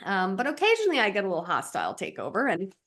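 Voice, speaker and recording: Brief: female relationship coach, podcast talk, reflective, medium pitch, lays things out step by step. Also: huge pitch swings, rapid-fire, fairly bright tone. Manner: reflective, explains with examples and checklists.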